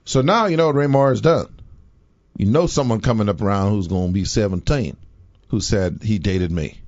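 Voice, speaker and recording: A man hosting a casual talk show, rambling and animated, often acting out quotes in mocking voices. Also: on the low side, normal speed, lo-fi sound. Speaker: show host. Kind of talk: casual political chat.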